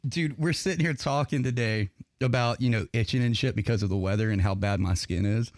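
A man's voice: mid-range voice, brisk, dry recording. Profane man telling stories, dry mic. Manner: crude, profane storytelling with frequent laughter. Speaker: podcast co-host. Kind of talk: casual podcast chat.

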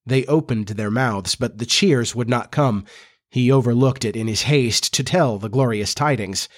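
A man's voice: mid-range voice, moderate pace. A man hosting a storytelling podcast, chatting in a confiding, conversational way and then reading aloud with expression. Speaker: podcast host and narrator. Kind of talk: audiobook reading with chatty intro.

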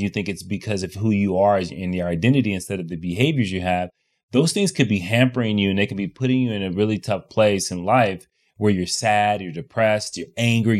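A man's voice: fairly low pitch, normal speed. Laid-back man coaching on a podcast. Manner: explains calmly, coaching tone, laughs often. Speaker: podcast co-host. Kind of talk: casual podcast chat.

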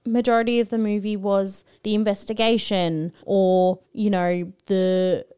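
An Australian woman co-hosting a casual podcast, her voice smooth and clear. She chimes in with short, blunt verdicts. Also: medium pitch, flat delivery, a little slow, mellow. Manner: blunt, short dismissive remarks. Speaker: podcast co-host. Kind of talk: casual chat.

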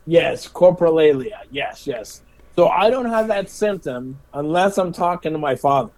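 In a roughly recorded casual interview, a middle-aged man with a fairly high voice speaks at a moderate pace. He teaches special education and tells stories animatedly, laughing and repeating himself often.

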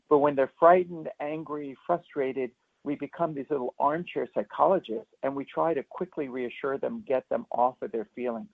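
A man speaking as a pediatrician guest, explaining parenting advice in an earnest way with lively demonstrations, calling in to a radio interview. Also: mid-range voice, normal speed, creaky. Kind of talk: expert interview answers. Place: remote, not in the studio. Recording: tinny phone line into a radio show.

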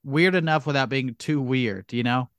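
A man's voice: medium pitch, moderate pace, a bit bright, no echo, clean studio sound. A man, a guest comedian, chatting casually and restarting his words as he searches for them. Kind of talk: casual chat.

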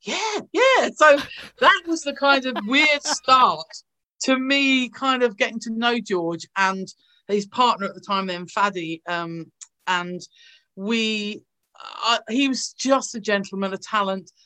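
A guest on a video call, the English actress recounts animated anecdotes at a measured pace in a medium-pitched voice. She acts out how each person in them sounds.

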